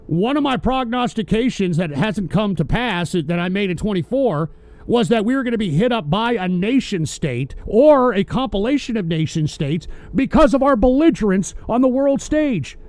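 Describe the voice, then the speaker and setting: Man, high voice, dry close mic: foul-mouthed, sarcastic political host ranting at his chat. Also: a little mellow, no echo. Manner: angry, swearing, sarcastic. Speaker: host of a political call-in show. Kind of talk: profane political rant.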